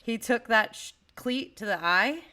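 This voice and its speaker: A woman talking football in a casual fan chat, animated and quick to cut in. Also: a little high. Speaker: fan panelist.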